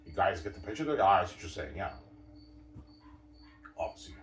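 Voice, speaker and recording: Here a sports commentator with a deep voice delivers a rambling, very animated monologue at normal speed, repeating points emphatically and calling out "obviously" to his viewers. The distant mic gives a roomy sound with slight hiss or hum.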